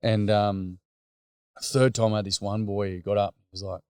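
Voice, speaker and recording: A man's voice: lowish voice, flat delivery, normal speed, a little mellow, clear, resonant tone, dry recording, studio quality. An Australian man, a workshop facilitator, telling stories in candid, blokey casual chat.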